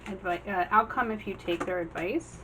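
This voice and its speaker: A woman giving a casual general tarot reading, chatty, acting out the figures on the cards in quick quoted voices. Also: medium pitch, background noise. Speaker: tarot reader.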